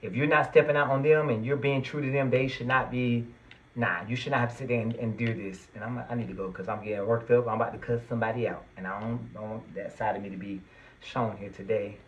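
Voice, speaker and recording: A man's voice: medium pitch, steady tone, brisk, fairly bright tone, dull audio, slight background noise. A man giving a tarot reading to his viewers, earnest and reassuring, at times getting worked up and emphatic. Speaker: tarot reader.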